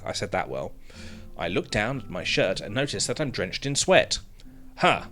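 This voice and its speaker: A man's voice: on the low side, sing-song, moderate pace, a bit bright, faint music behind. A man streaming a game, reading its text aloud with joking, wry asides.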